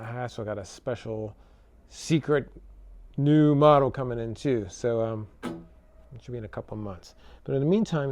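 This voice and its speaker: Electric guitar plays in the background as a chatty man with a mid-range voice demos a guitar. It's a casual product demo, relaxed and full of fillers and tag questions.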